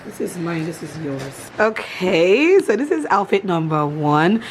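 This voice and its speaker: A woman's voice: fairly low pitch, sing-song, a little slow, slight background noise. A woman, chatting casually to her vlog audience, gushing and laughing often. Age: 30s. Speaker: vlogger.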